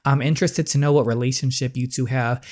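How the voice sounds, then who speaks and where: A cold and calculating father who hides his warnings inside talk about sports, read aloud by a YouTuber playing a story game. He sounds measured and veiled, at a plain middle pitch, and stays on the surface. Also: fairly even intonation, darkish tone, natural voice. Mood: probing. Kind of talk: reading game dialogue aloud.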